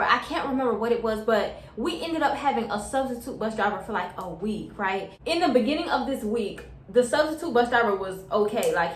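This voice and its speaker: A woman's voice: on the high side, fairly bright tone. A young adult woman telling a story to her viewers in a casual, slangy way, often calling them y'all. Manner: chatty, slangy, keeps addressing viewers as y'all. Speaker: vlogger. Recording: echoey room.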